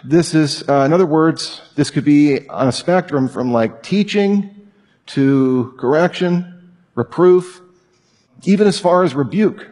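A man teaching a weekly Bible class in a lively, animated way, acting out example lines. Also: on the high side, measured pace, big-room sound. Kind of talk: sermon-style teaching talk.

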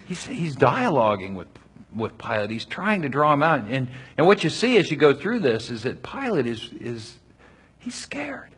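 A man's voice: a little high, sing-song, normal speed, breathy edge. A man leading a Bible study, reading passages aloud and explaining them in a conversational way with frequent restarts.

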